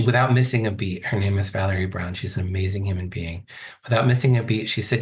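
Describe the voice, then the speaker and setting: Man, 40s, low voice, thoughtful, earnest, reflective interview guest. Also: fairly even intonation, brisk. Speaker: podcast guest, coach.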